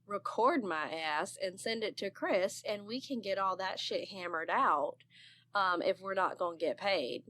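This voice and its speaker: A woman in her thirties, an aspiring narrator, chatting on a podcast in an expressive, freely swearing way. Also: mid-range voice, unhurried. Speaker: guest, aspiring narrator and voice actor. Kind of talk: casual podcast chat.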